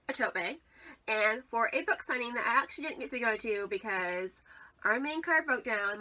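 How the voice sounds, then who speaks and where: A young woman talks through her book haul in a loose, rambling vlog chat, full of likes and ums. Her voice sits a little high and sounds bright and forward. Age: young adult. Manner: chatty, rambling, with frequent "like" and "um". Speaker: book vlogger.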